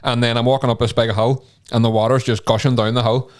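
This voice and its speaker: A man telling a story on a podcast in animated, profane, casual chat, acting out the voices he quotes. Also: medium pitch, fast talker. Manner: animated, swears freely, acts out quoted voices. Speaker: podcast co-host.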